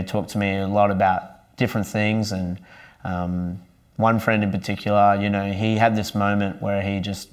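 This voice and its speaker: A young man with a somewhat low voice tells his faith story in an earnest, easygoing way. He speaks casually and warmly about his own experiences, like a member sharing his testimony with his church. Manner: earnest and conversational.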